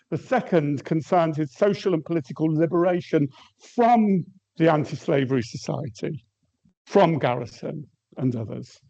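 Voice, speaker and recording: A man giving an academic lecture at a measured pace, reading quotations aloud and pausing with some hesitations. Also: on the high side, mellow. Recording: muffled lo-fi recording.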